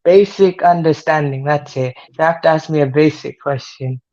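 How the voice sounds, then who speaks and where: Soft-voiced accented male guest, halting, lo-fi remote sound. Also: on the high side, little pitch movement. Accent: non-native. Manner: hesitant, searching for words. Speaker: panel guest. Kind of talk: casual panel debate.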